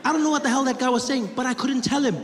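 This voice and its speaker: A man's voice: very high-pitched, steady tone, racing. A stand-up comedian from South Africa in his thirties, telling stories animatedly and acting out voices and siren noises at a live show. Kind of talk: stand-up routine. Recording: live show in a large reverberant hall with audience noise.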